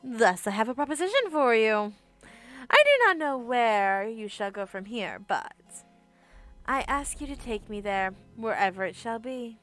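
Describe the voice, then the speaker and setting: A woman gives voice to an ancient female spirit trapped in a crystal, formal and old-fashioned in her speech. The voice is bright and sits fairly high. Faint game music plays underneath. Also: animated, measured pace. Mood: solemn. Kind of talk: reading game dialogue aloud.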